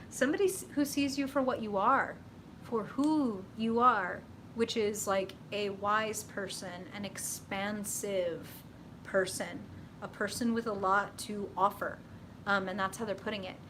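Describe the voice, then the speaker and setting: Excitable woman doing live tarot readings, talks bright and tense, faint rumble in the background. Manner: chatty, excitable, lots of "like" and laughs, reads chat aloud. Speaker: tarot reader and live-stream host.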